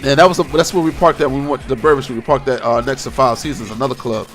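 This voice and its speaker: A young man hosting his vlog, telling a story in a casual, slang-heavy, animated way. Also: medium pitch, fast, soft background music. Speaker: vlog host.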